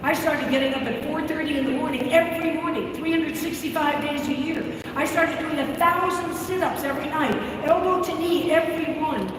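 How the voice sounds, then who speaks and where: A woman's voice: sits high, a little fast, few pauses. A woman in her seventies from Florida, giving a dramatic storytelling speech on stage at a convention, vivid and theatrical. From Florida, USA. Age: 70s. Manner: theatrical, vivid, acts out voices. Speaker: keynote speaker. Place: large convention hall, on stage. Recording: echoey hall, distant mic, room noise.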